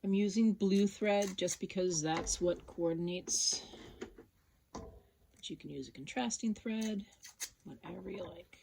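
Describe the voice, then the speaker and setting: A woman teaching an embroidery project, relaxed and thinking aloud as she works step by step. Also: mid-range voice, a little slow, vocal fry, long pauses, slight background noise. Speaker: sewing instructor. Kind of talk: casual step-by-step tutorial.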